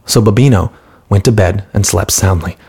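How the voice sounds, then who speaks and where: Husky low-voiced male storyteller. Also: moderate pace. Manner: calm, steady storytelling with light voices for characters. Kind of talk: scripted storybook narration.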